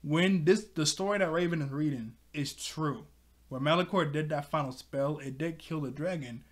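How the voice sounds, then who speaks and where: A man's voice: on the high side, normal speed. A man casually recapping a cartoon episode, rambling with many fillers and frequent laughs.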